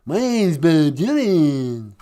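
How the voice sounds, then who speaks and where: A man's voice: a little high, very animated, slow pace, mellow, voice pushed up. A man doing a nasal, drawling old folk-rock singer. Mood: mocking.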